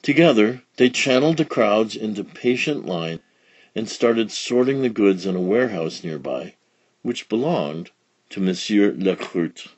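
A man reading a children's storybook aloud with expressive, dramatic storytelling. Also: lowish voice, a little slow, husky, dry recording. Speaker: storybook reader. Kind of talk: children's read-along narration.

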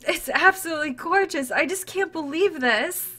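Girl streamer talking to chat, super high voice, slow and bright, all teary and gushy. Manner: gushing and emotional, exclaiming often. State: tearful, close to crying. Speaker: streamer opening a gift on stream. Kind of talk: casual live-stream chat to viewers.

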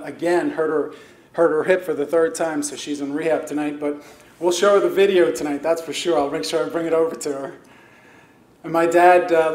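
Man with a highish voice in a roomy hall. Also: a little mellow. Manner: chatty and self-deprecating, laughing at his own stories. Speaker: hall of fame inductee. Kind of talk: banquet acceptance speech. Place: indoor banquet hall. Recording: roomy hall with faint noise.

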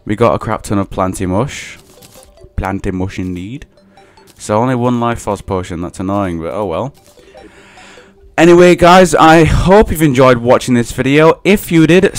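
Young male let's-player, unhurried delivery, low voice, teasing asides to enemies, faint music underneath. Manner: playful, talks to game enemies in a teasing voice. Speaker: gaming channel host. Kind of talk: casual let's play commentary.

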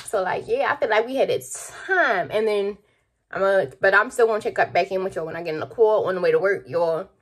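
Young adult woman, husky tone, loose chatty vlogger talking straight to her viewers. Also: medium pitch, a little fast. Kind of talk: casual vlog chat to camera. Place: at home, then in a car.

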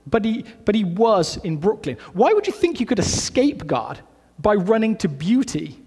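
A man preaching a sermon in a relaxed, conversational way, full of asides and restarts. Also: sits high, normal speed, breathy edge, big-room sound. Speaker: pastor. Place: church sanctuary.

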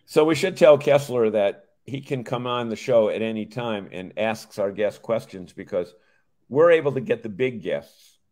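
Low-voiced joking male co-host. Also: normal speed, a little mellow. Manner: joking, rambling with restarts. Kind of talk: casual chat.

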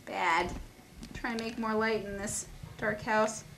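A woman's voice: medium pitch, steady tone, takes it slowly, creaky, background noise. A mother filming her toddler at home on a camcorder, coaxing him in a playful, sing-song way. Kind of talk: home video chat. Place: apartment indoors. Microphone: camcorder built-in mic, behind the camera.

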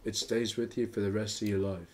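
A man's voice: on the low side, level tone, a little fast, darkish tone. A man co-hosting a comedy podcast who chats in a rambling, hesitant way. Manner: rambling, hesitant, full of you-knows. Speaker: podcast co-host. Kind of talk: casual comedy chat.

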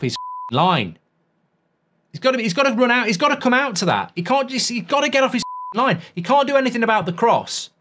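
Bloke reacting to the footy live, high bright voice, hyped and ranty. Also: male voice, brisk, a little hiss or hum. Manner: excitable, then tactical ranting. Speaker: football fan streamer.

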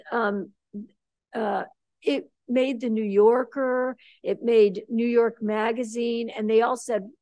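An older woman giving a lecture as a visiting artist, telling a story with animated, ironic emphasis. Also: a little high, dry recording. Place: lecture hall.

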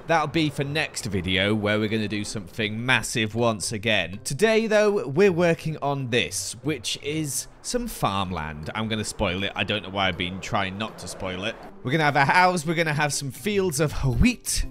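A young man with a hoarse, nearly gone voice, giving chatty, self-mocking commentary over gameplay. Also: mid-range voice, a bit bright. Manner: chatty, self-mocking, mock-angry rants. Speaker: gaming video creator.

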